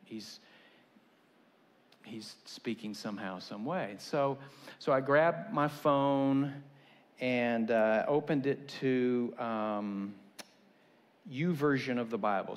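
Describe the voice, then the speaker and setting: Pastor, male, relaxed chatty preaching with asides, mid-range voice. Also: medium pitch, long reverb tail. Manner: conversational, folksy preaching with restarts and asides. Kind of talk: sermon.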